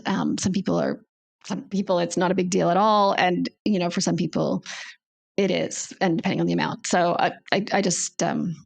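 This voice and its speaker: A woman's voice: mid-range voice, gravelly. A woman guest, a naturopathic doctor, explaining at length in a conversational interview, often restarting and thinking aloud.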